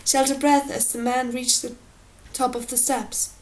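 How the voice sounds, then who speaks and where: A woman's voice: high voice, little pitch movement, moderate pace, darkish tone, a little hiss or hum, rough recording. Woman reading a fantasy novel aloud. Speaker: audiobook reader. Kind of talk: audiobook narration.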